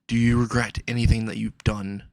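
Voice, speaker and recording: A man voicing a sadistic young man who calmly taunts his captive in a storybook reading. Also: on the low side, a little fast, creaky, no echo. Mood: cold taunting. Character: sadistic young man, cold calm torturer.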